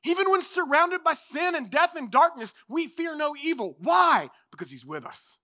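High-voiced, bright young male preacher. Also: big pitch swings, moderate pace. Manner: impassioned, swings from loud declarations to hushed near-whispers. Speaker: pastor. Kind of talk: sermon.

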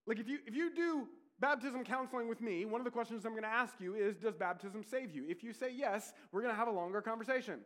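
High-voiced preaching man. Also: fast talker, hardly any pauses. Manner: earnest preaching, rising to emphatic peaks and dropping to quiet intensity; conversational asides with rhetorical questions. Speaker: pastor. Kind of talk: sermon.

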